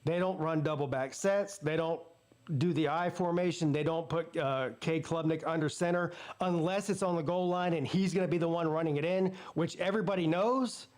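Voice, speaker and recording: A high-pitched man talks through a live football game, calling each down and yardage. Between plays he breaks into blunt, profane rants. He keeps the loose, running commentary of a watch-party host. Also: moderate pace, a little mellow. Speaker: sports channel host.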